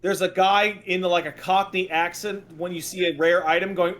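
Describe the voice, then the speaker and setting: A man's voice: high voice, fairly even intonation, moderate pace, fairly bright tone. A man co-hosting a podcast in casual chat, riffing with profane exasperation. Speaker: podcast co-host.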